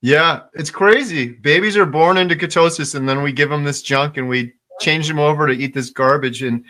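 A man's voice: on the high side, normal speed, bright, forceful tone. A man hosting a casual interview chat, talking with emphatic enthusiasm and repeating words for stress.

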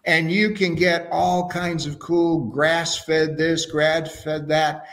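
A man's voice: a little high, little pitch movement, extremely slow, fairly bright tone. A man talking as an interview guest, telling stories in an enthusiastic, casual way with frequent restarts. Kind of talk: casual conversational storytelling.

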